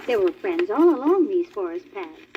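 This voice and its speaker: A woman reading a children's storybook aloud as the narrator of a read-along record, in a clear, animated manner. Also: medium pitch, normal speed. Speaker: story reader. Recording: dull crackly old vinyl record.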